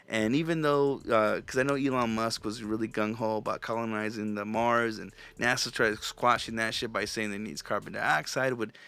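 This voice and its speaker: A man's voice: lowish voice, steady tone, normal speed, hardly any pauses, fairly bright tone, clean tone. A man hosting his own podcast, talking alone in a loose, rambling rant full of swearing and restarts. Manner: profane, ranting, rambling; loose and conversational, frequent restarts. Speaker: podcast host. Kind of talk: solo podcast monologue.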